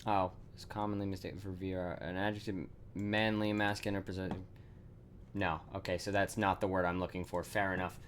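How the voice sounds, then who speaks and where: A man's voice: low-pitched, little pitch movement, fairly quick, slight background noise. A man thinking aloud as he codes on a live stream, full of fillers and self-corrections, swearing casually and laughing at himself.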